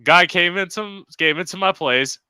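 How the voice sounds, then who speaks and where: Podcast host guy, bright voice, laughs and chimes in, dry close sound. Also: high voice, moderate pace, smooth, no echo. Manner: laughing, chiming in. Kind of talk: casual chat.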